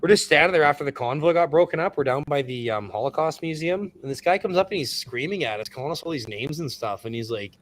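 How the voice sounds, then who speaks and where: Male guest, fairly high voice, rambling, exasperated storyteller on a casual stream. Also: lively intonation, fast, hardly any pauses. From Canada. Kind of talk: casual livestream chat.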